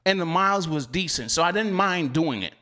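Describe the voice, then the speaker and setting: Lively laughing man chatting to viewers. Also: a little high, fairly quick. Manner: laughs often, animated slangy banter. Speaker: delivery driver channel host. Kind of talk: casual chat to viewers.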